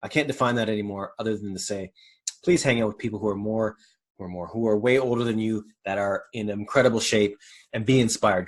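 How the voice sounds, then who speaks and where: A middle-aged man hosting a motivational podcast, talking in a candid, rambling way with swearing and self-corrections. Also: mid-range voice. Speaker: podcast host. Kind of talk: motivational monologue.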